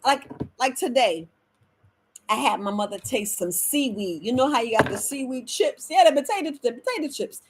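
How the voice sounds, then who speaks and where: A middle-aged woman herbalist talking casually to viewers on a live stream from home, animated and preachy, calling them family. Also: fairly high pitch, moderate pace, a little hiss or hum.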